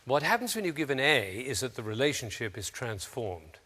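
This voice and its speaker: Speaking a little fast in a big-room setting, a man entertains a crowd of teachers with theatrical animation. When he quotes people, he suddenly acts them out in high voices.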